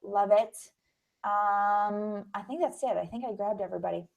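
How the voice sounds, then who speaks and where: Woman host, casual video-call intro, chatty and enthusiastic, average pitch. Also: normal speed, vocal fry, muffled recording. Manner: chatty and upbeat, many fillers.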